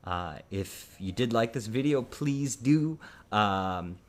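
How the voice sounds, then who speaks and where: Man, English teacher, low-ish voice, casual lesson, hesitant fillers. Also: animated, slow pace. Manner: thoughtful, frequent um and uh fillers.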